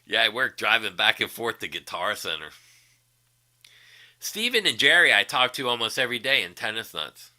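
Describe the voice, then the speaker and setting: A man's voice: lowish voice, very animated, moderate pace, sharp tone. A man hosting a casual livestream, profanely mocking a rival with frequent laughter. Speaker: livestream host.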